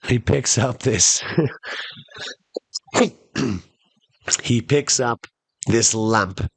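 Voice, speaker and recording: A man's voice: medium pitch, extremely slow, gravelly, husky, dry recording. A man hosting a podcast, telling a comic story in a chatty way that speaks straight to the listeners. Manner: conversational, addresses listeners as "folks". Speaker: podcast host.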